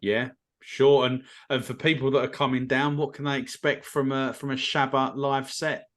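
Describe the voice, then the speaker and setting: A man's voice: medium pitch, level tone, moderate pace, a bit bright. A man hosting a podcast, talking casually and hesitantly, with lots of ums. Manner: hesitant, many ums and sort ofs. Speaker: podcast host. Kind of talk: casual interview chat.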